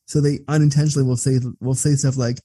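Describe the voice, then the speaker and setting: A man talking as an interview guest, blunt and profane, telling stories in a candid, animated way. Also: mid-range voice, fast, slightly rough, dry recording. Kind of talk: candid conversational storytelling.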